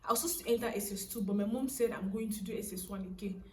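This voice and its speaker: A young woman in her twenties with a Nigerian accent, telling a personal story casually to camera in a chatty, animated way. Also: mid-range voice, fast, roomy sound, far from the mic, slight background noise. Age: young adult. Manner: chatty, animated, laughing, frequent "so, like". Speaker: vlogger.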